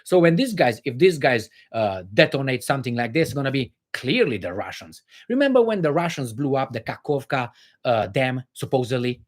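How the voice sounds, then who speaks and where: Romanian-accented male livestream host, lively pitch swings, blunt and sarcastic chat commentary. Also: fairly quick. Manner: animated, sarcastic, blunt with swearing.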